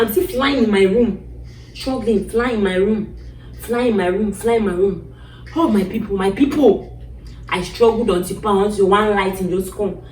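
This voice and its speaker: A woman's voice: mid-range voice, a little mellow, a little hiss or hum. Dramatic woman storyteller, echoey and distant. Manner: dramatic, reenacts her own cries and pleas. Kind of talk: personal storytelling. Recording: distant mic in an echoey room.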